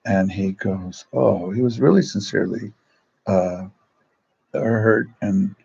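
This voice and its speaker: An older man, a priest, telling stories in a casual, rambling way, often pausing to search for names and acting out the voices of people he quotes. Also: on the low side, vocal fry, a little mellow, husky, dull audio. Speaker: Salesian priest. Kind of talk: casual storytelling.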